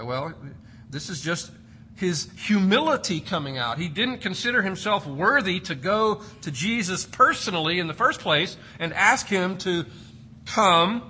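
A man's voice: sits high, pushed and bright, a little hiss or hum. A man preaching an expository sermon, emphatic and repeating key words for stress. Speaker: pastor.

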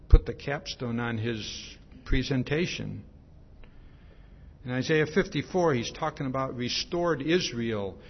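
A man's voice: mid-range voice, big-room sound, muffled recording. A man preaching a sermon in a conversational way, often checking in with his listeners. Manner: conversational, repeats "see?" often.

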